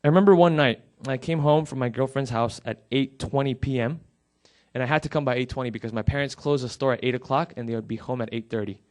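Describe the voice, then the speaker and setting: A man's voice: mid-range voice, quick pace. A middle-aged male pastor delivers a sermon in a mid-range voice. He tells a personal story, then pleads earnestly with his congregation.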